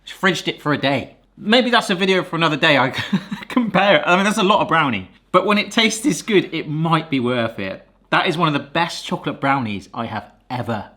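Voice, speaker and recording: Excitable chatty male cooking vlogger. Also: a little high, brisk. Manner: chatty, excitable, exclaims often. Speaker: cooking video host. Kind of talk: casual cooking vlog.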